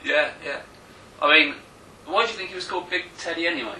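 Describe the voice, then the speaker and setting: Englishman co-host, quick and ribbing, bright forceful voice, echoey room, mic set back. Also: on the high side, slight background noise. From England. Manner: teasing, interrupting, laughing. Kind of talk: casual chat. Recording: roomy echo, mic at a distance.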